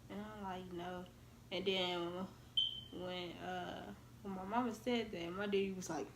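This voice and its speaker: A woman's voice: fairly low pitch, unhurried. A young woman telling a relationship story in casual vlog chat, acting out the voices of the people she quotes. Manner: animated, acts out quoted voices. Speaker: vlogger, storytelling half of a couple. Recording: echoey room with faint noise.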